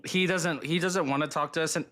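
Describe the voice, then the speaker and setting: A man's voice: a little high, fairly even intonation, fairly quick. A man co-hosting a podcast, rambling and joking in casual banter, often tripping over his own words. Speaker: podcast co-host. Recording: loud background noise.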